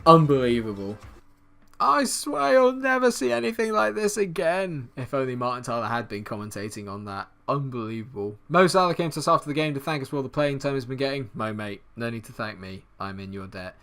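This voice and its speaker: A young man, commenting excitedly on his football video game and shouting at the screen. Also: mid-range voice, brisk, gravelly, hardly any pauses, clean tone. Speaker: gaming YouTuber.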